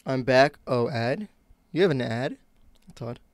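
A man's voice: medium pitch, animated, measured pace, no room sound. A young man from the United States chatting casually while live-streaming games, rambling and self-mocking. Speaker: game streamer.

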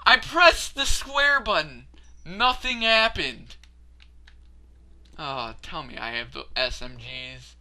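A man's voice: on the high side, takes it slowly, long pauses, sharp tone. A man commentating his own gameplay, getting frustrated, laughing and cursing at failed jumps. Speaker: let's play gamer.

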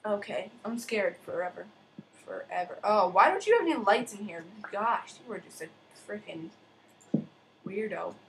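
Bright-voiced excitable gamer girl. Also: medium pitch, normal speed, creaky, slight background noise. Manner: excitable, chatty, mild cursing, sing-song humming. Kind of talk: casual gameplay commentary.

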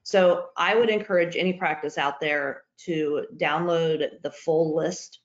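A woman's voice: low-pitched, steady tone, measured pace. A woman on a webinar panel giving earnest healthcare marketing advice, often restarting her sentences. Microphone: video call. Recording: dull roomy video call audio.

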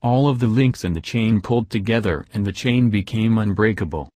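A man reading out a blunt, profane army general's speech to his troops in a gruff, commanding manner. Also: fairly low pitch, fairly quick, a little mellow, no echo, close to an everyday voice. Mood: stern. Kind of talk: read-aloud speech.

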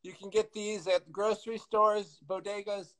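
A man's voice: sits high, level tone, normal speed, slight background noise, poor audio. A man cooking on a live video call, chatting casually and joking about himself. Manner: joking, self-mocking, loud when leaning in. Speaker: guest cook.

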